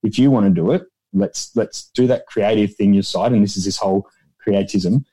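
Man, casual interview guest, warm low voice, animated storytelling. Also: normal speed. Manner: rambling storyteller, acts out quotes in a raised voice. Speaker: guest, founder of an extras agency.

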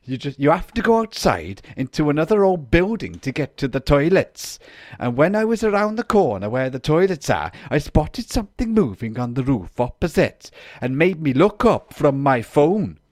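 A man putting on a Welsh accent to voice an excitable man from a night out, recounting what he saw in a high, loud and eager voice. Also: moderate pace, no room sound, studio quality. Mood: eager, amazed. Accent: put-on Welsh. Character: excitable male Welsh pub-goer telling a big-cat sighting.

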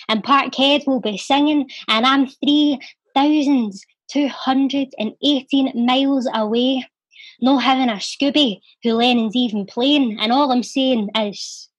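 Scottish woman reciting poetry, bright and dry. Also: a little high, no echo. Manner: rhythmic, heartfelt delivery with quick asides. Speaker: guest, poet and charity volunteer. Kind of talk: poetry recital and casual interview chat.

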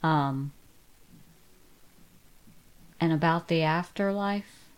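A middle-aged woman talks as a podcast guest, unhurried and a little low in pitch. She tells her stories casually, growing animated as she retells them. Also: smooth. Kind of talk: casual storytelling.

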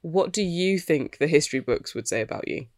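A woman's voice: deep voice, expressive, brisk, a little mellow. A woman co-hosting a casual chat, asking questions with a wry edge. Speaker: co-host.

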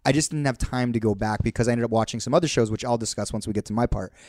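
A man hosts a podcast, talking quickly and guiding the conversation along. His voice sits mid-range and the sound is dry and close. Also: mid-range voice, a little mellow, no echo. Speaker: podcast host. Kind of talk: casual chat.

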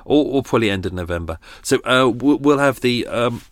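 A man's voice: mid-range voice, animated, brisk, no room sound. A man hosting a podcast, wrapping up a true-crime episode with casual, rambling chat and quiz questions. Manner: chatty, rambling, with asides and laughs. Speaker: podcast host.

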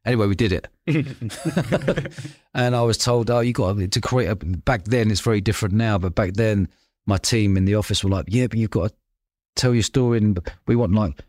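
A man, telling lively anecdotes in a casual podcast chat and acting out the voices of people he quotes. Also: lowish voice, normal speed, no room sound, studio quality. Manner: animated anecdotes, acts out quoted voices, laughs often. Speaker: podcast host.

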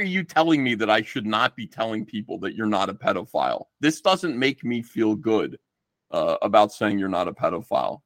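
Animated, swearing man in dry sound. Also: on the low side, moderate pace, no echo. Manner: animated, swearing, acts out quoted exchanges. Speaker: guest. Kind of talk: casual podcast chat.

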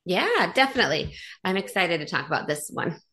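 A woman guesting on a podcast speaks in a slightly low voice. She chats casually, pauses and restarts her sentences, and leans on "like" as she thinks aloud. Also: sing-song, pushed and bright. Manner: hesitant, restarts and fills with "like".

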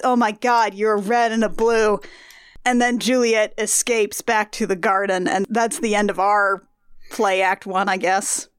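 A woman's voice: mid-range voice, smooth, no echo, studio quality. A woman co-hosting a podcast, chatting casually and asking incredulous questions. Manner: chatty, trailing 'like' fillers, incredulous questions. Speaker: podcast co-host. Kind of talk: casual comedic chat.

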